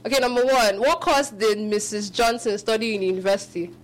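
A woman hosting a live radio call-in show, animated, often laughing and restarting her sentences. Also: mid-range voice, brisk, a little hiss or hum.

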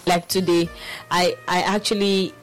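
A young Nigerian woman co-hosting a radio show, telling stories in animated casual chat with many restarts, her voice a bit off from feeling unwell. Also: on the low side, measured pace, faint music behind, low-quality recording. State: under the weather, voice affected. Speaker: radio co-host.

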